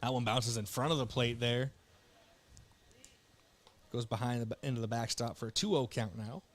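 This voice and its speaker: A young man from South Dakota calling baseball play-by-play with relaxed, joking banter between pitches while fighting the hiccups. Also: moderate pace. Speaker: play-by-play announcer.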